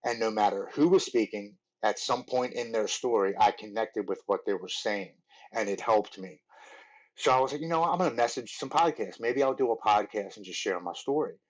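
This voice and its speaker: A podcast guest in his forties tells his recovery story in a lowish voice. He speaks earnestly but rambles, a little fast, with lots of "like" and restarts. The audio sounds dull.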